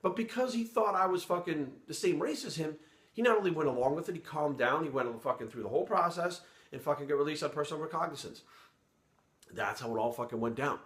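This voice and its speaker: A middle-aged former police sergeant from Providence, Rhode Island tells a story bluntly and casually, swearing heavily. His voice is a little high, fast and a bit bright, in a roomy, echoey recording.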